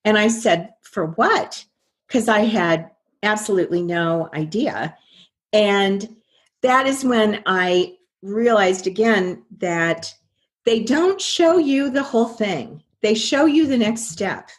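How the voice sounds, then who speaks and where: A woman's voice: medium pitch, expressive, takes it slowly. An older woman, a guest in an interview, telling her story earnestly and quoting her own past thoughts.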